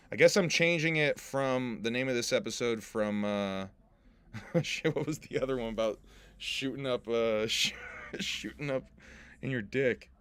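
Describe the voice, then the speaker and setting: A man's voice: medium pitch, a bit bright, clear, resonant tone. A man hosting a casual livestream podcast, joking with his chat, laughing often and swearing freely. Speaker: podcast host and rapper.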